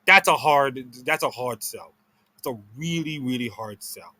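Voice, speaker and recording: A man giving casual commentary as he ranks players, rambling with many restarts and self-corrections, and talking slowly and sluggishly after a meal. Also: medium pitch, pushed and bright. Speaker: esports video creator.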